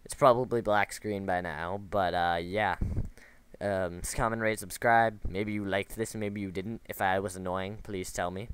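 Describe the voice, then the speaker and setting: A man's voice: deep voice, steady tone, moderate pace, fairly bright tone, a little hiss or hum. A man giving casual, rambling commentary over a video game, drifting into side stories with lots of fillers and restarts. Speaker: gameplay commentator.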